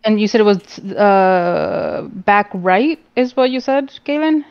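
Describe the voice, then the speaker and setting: Smooth-voiced woman asking questions as a player. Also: medium pitch, expressive, takes it slowly, no echo, highs cut off. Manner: questioning, thinking aloud. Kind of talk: playing a tabletop game.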